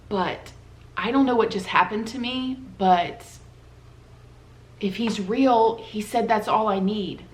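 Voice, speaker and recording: A woman's voice: medium pitch, expressive, normal speed. A woman telling a personal story on her vlog in a casual, heartfelt, conversational way. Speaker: vlogger. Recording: roomy echoey room.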